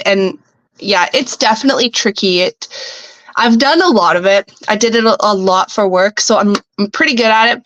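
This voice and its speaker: Woman from canada, young adult, casual unhurried chat with fillers, dry close mic. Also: mid-range voice, dry recording, low-quality recording. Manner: relaxed, thinks aloud with fillers. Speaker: podcast guest, welder.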